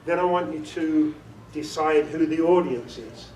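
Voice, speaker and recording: Here the British man's voice is fairly high with a darkish tone, and he speaks at a measured pace. In a meeting room, he leads a chatty, joking workshop as an audiobook director, putting questions to a small audience, recorded far off-mic amid echo and faint noise.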